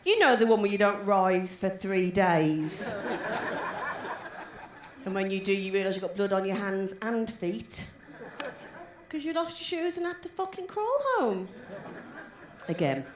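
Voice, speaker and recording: A woman in her 40s with a West Midlands accent does brash, sweary stand-up and crowd work at a comedy gig. Her medium-pitched voice is animated yet a little slow, with long pauses, recorded in an echoey, noisy live room.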